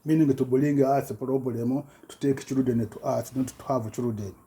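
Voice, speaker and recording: A man giving a rambling personal account in halting broken English, full of restarts and repetitions, his voice jumping up when he gets agitated. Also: mid-range voice, fairly even intonation, mellow. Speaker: self-recorded complainant.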